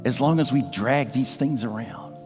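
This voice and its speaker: A man preaching a sermon as pastor, telling a personal story with emotion and sometimes dropping to a hush. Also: mid-range voice, normal speed, music in the background. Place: church sanctuary. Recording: live church sound with long reverb. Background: band playing softly.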